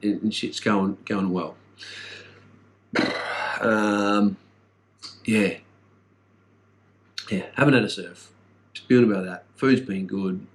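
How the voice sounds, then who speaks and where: A middle-aged man with an Australian accent giving a casual, rambling vlog update, blunt and full of swearing and fillers. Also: on the low side. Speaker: vlogger.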